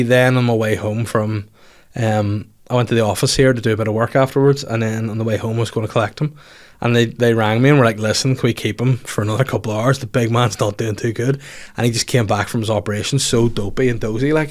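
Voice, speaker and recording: A young man with a Northern Irish accent hosting a podcast, telling a funny story in casual chat, laughing often and jumping into high mock voices to quote people. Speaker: podcast host.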